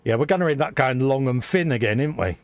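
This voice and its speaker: A man's voice: medium pitch, expressive, fast. A man co-hosting a live hobby stream, bantering in a slangy way and jokingly boasting as he builds a model.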